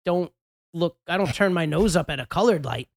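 A man's voice: a little high, animated, no room sound, clean studio sound. A man co-hosting a podcast, chatting casually in a rambling, jokey way. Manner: jokey, rambling, quick laughs. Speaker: podcast co-host. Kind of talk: casual chat.

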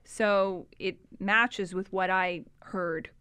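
A woman's voice: medium pitch, steady tone, drawn-out words, bright, forceful tone, smooth, dry recording. A woman co-hosting a podcast, talking conversationally about a recorded call. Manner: conversational, many fillers and restarts. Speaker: podcast co-host. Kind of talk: casual true crime discussion.

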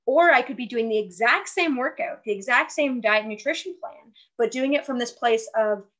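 A woman wellness coach who explains her ideas in an earnest, animated way during a conversation. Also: fairly high pitch, moderate pace, rough recording. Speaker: guest, fitness and wellness coach. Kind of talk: casual conversational interview.

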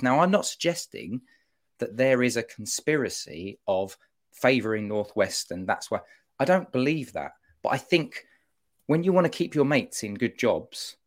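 A man giving an animated, opinionated monologue on a football podcast, often breaking off to mock-quote officials. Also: mid-range voice. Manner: animated, self-interrupting, mock-quoting officials.

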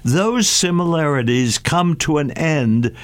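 Halting older male radio host, higher voice. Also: expressive, clear, resonant tone. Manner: halting, many restarts and fillers. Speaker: radio travel show host. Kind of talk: radio talk show discussion.

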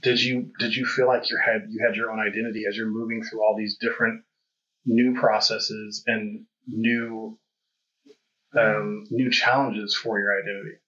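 A man's voice: on the low side, level tone, normal speed, sharp tone. A man hosting a podcast, talking candidly and reflectively in a rambling conversational way. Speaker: podcast host. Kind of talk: conversational interview. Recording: dull lo-fi audio.

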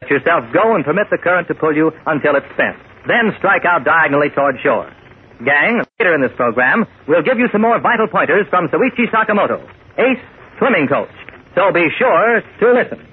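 A man's voice: a little high, very animated, fairly quick. A man giving upbeat, instructive safety tips as a 1940s radio announcer. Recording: tinny old radio recording with faint hiss.

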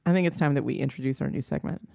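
A woman co-hosting a podcast in casual chat, animated and wry, often trailing off and restarting. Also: very deep voice, rapid-fire, gravelly, no room sound, clean studio sound. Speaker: podcast co-host.

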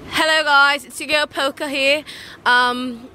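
A woman's voice: sits high, fairly even intonation, unhurried, sharp tone. A woman with a Philadelphia accent, chatting playfully and giggling as a guest in a street interview. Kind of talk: casual chat.

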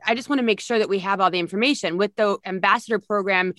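A woman's voice: mid-range voice, fast talker, fairly bright tone, dry recording, clean studio sound. A woman hosting a podcast, chatting with enthusiasm and gushing over her guest. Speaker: podcast host. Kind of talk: casual interview chat.

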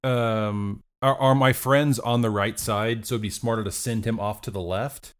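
A man's voice: fairly low pitch, steady tone, moderate pace. A man playing a tabletop game, hesitant and thinking aloud with many fillers. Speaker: player. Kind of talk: casual tabletop game play.

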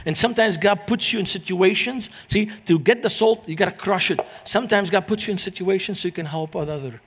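Man, middle-aged, guest preacher, high-pitched, animated storytelling. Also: brisk, breathy edge. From Lebanon. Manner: animated, acts out quoted voices in anecdotes. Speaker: guest speaker, Christian minister. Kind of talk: storytelling sermon.

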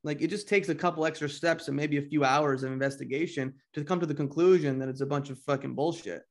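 A man's voice: on the high side, fairly even intonation, fast. A man co-hosting a podcast interview, talking casually and bluntly, swearing freely. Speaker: podcast co-host.

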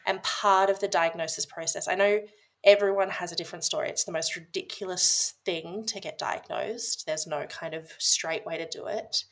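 Woman guest in her 30s, low gravelly voice, chatty and rambling. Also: fairly even intonation, moderate pace. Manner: chatty, lots of "like" and restarts. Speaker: podcast guest. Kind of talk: casual personal storytelling.

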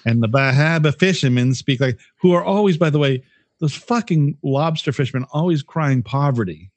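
A man's voice: a little high, moderate pace, no room sound. A man co-hosting a podcast in casual, profane, rambling chat, often laughing. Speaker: podcast co-host.

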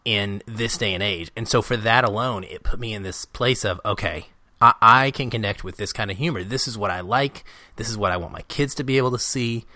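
A man's voice: lowish voice, brisk, sharp tone, dry recording. A man co-hosting a podcast, talking casually and animatedly about a movie he loves, laughing often. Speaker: podcast co-host.

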